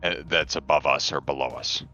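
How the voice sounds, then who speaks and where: A man's voice: very deep voice, fairly even intonation, brisk, pushed and bright, faint music behind. A man playing a tabletop role-playing game, casual and decisive about his character's moves. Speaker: player. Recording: dull lo-fi mic.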